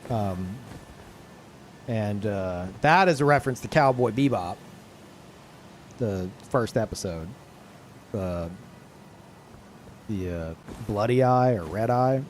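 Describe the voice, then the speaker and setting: A man's voice: lowish voice, animated, takes it slowly, long pauses, a little hiss or hum. A young man chatting casually to his live chat in a rambling way, full of fillers and restarts. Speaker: streamer.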